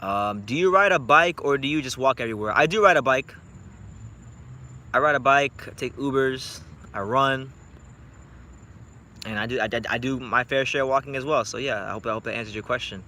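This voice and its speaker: A man's voice: mid-range voice, fairly quick, pushed and bright, slight background noise. A young man from South Florida, talking boxing in a blunt, profane, joking late-night vlog chat. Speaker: boxing YouTuber.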